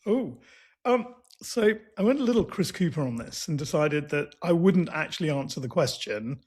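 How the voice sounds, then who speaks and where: Husky high-voiced excitable man. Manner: quick, excitable, laughs while recounting. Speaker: podcast co-host. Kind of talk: casual chat.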